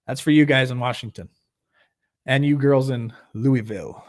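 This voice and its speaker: An earnest man hosts a livestreamed recovery meeting from home, his voice sitting at an ordinary middle pitch. He talks in a loose, casual way, drifting between encouragement and reading out warning signs. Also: normal speed. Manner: earnest, loose and conversational, leads group prayer.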